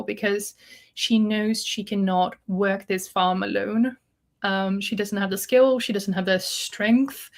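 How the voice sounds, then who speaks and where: A woman co-hosting a book podcast, casually retelling a story's plot and acting out the characters' lines. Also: mid-range voice. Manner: retells the plot with acted-out quotes. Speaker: podcast co-host.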